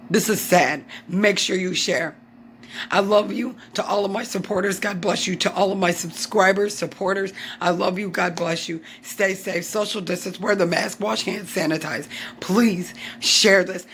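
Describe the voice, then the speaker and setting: A woman's voice: medium pitch, slight background noise. A woman from the United States giving an impassioned vlog update, upset and frustrated, hammering her points with repeated phrases. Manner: emphatic, repeats lines for punch. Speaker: YouTube vlogger.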